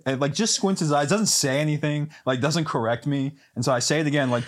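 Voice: medium pitch, fast talker. A guest on a podcast, retelling an irritating bar order in casual chat. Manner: casual, swears, retells annoyance.

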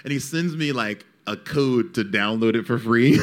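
A man's voice: normal speed, hardly any pauses, a little hiss or hum. A man in casual storytelling, acting out quoted lines and laughing often, with many fillers. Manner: animated, acts out quotes with big pitch jumps. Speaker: panel guest.

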